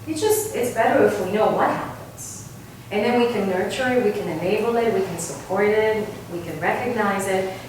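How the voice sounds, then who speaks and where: A woman vocal coach from Argentina leads a singing workshop, teaching in a lively way and often checking in with "right?". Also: medium pitch, moderate pace, background noise. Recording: distant mic in a very echoey room.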